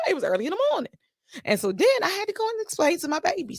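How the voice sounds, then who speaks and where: A woman's voice: very high-pitched, big pitch swings, racing, no echo, clean studio sound. A woman hosting a casual solo podcast, talking animatedly and sassily to her listeners, firing off emphatic rhetorical questions. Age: adult with children. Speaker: podcast host.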